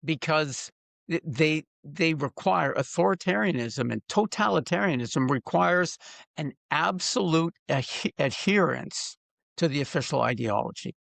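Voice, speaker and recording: An older man with a gravelly, creaky voice hosts a casual podcast conversation. He speaks haltingly and circles back over his words as he restarts a thought. His voice sits a little high for a man, and the sound is close and dry. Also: lively intonation, fairly bright tone, dry recording. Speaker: podcast host.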